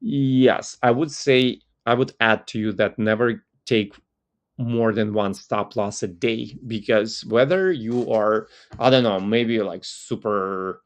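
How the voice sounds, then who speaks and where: A man's voice: mid-range voice, slow. A man with a Russian accent giving a loose, conversational talk on market analysis as a trading educator, full of "like" fillers.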